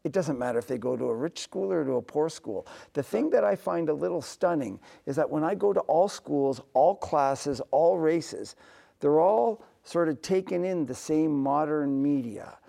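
Earnest middle-aged guy, warm dark voice w some fry, chatty interview storytelling. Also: fairly high pitch, lively intonation, normal speed. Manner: earnest, drops to a soft near-whisper for emphasis. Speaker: composer and musician guest.

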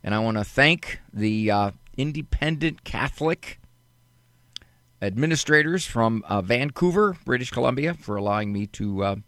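A man's voice: mid-range voice, lively intonation, normal speed, fairly bright tone, no echo. A man hosting a live call-in radio show from a studio, talking in a playful, joking way and showing off big words for laughs.

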